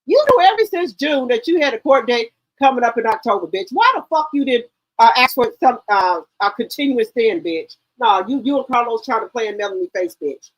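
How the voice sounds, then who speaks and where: Animated, profane woman gossip host. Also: fairly high pitch, fairly quick, no room sound, poor audio. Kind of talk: casual livestream commentary.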